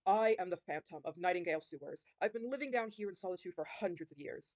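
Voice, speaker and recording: A woman voicing a calm ancient phantom. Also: lowish voice, no echo, highs cut off, lightly acted. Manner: calm, measured, unattached. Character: calm ancient male sewer phantom, detached.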